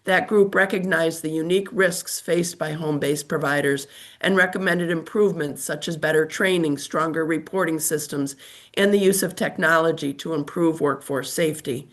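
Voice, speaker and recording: Older woman, scratchy voice, lowish pitch; formal testimony read over a call. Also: fairly bright tone. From United States. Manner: formal, measured reading of a statement. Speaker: testifying witness. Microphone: remote call microphone.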